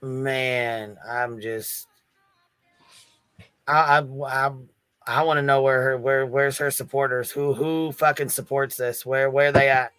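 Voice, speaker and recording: A man comments on a replayed clip, indignant and profane, stumbling over repeated words. His voice is bright and smooth, recorded close and dry. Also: mid-range voice, fairly even intonation, takes it slowly, no echo. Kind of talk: reaction commentary.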